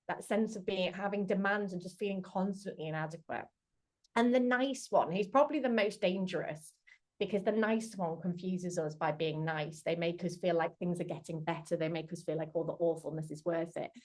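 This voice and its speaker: A woman's voice: fairly low pitch, a little fast, darkish tone. Earnest woman speaking on a webinar. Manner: earnest, acts out quoted dialogue with restarts. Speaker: charity chief executive speaking at a webinar. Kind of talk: talk on domestic abuse. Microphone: computer mic on a video call.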